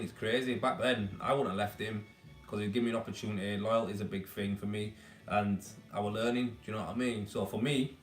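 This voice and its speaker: A man's voice: lowish voice, reverberant. A man from Leeds with a Yorkshire accent, chatting bluntly and casually on a live stream, calling viewers "mate" and giving them down-to-earth advice. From Leeds, England. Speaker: tradesman hosting a weekly live Q&A stream. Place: baby's room at home.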